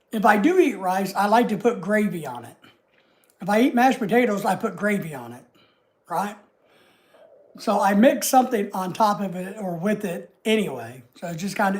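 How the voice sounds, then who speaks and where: A woman with a Southern US accent hosts her own livestream, chatting easily with viewers in a loose, homey, rambling way full of asides. Her voice sits at an ordinary middle pitch and moves at a moderate pace.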